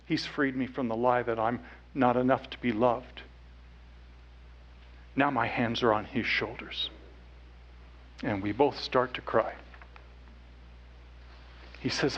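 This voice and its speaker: A man speaking on stage, telling a personal story earnestly, dropping to hushed tones at times. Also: mid-range voice, fairly even intonation, takes it slowly, pauses often, slightly rough, dull audio. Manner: earnest, with quiet hushed stretches. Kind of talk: emotional storytelling talk.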